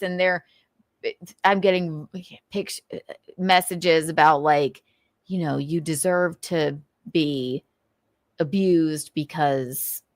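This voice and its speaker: This livestream host has a lowish voice, recorded at studio quality with no room sound. She's candid and profane, laughs frequently, and stumbles along with plenty of fillers and restarts.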